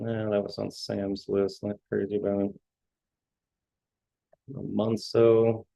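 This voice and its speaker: Slow gravelly man reviewing stock charts. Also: on the low side, a little mellow, dry recording, rough recording. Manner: halting, repeats words while scanning charts. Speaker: trading show host. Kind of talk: casual market commentary.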